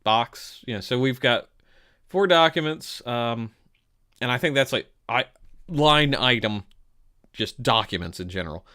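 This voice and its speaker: A man hosting a casual chat, rambling and halting as he reads through a list of items. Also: mid-range voice, lively intonation, pushed and bright.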